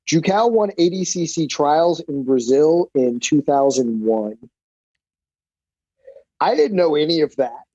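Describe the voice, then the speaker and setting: A man as a podcast guest, telling stories casually in an animated, profane way, full of fillers. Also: a little high, a little slow, pauses often, dry recording, dull audio. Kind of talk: casual storytelling.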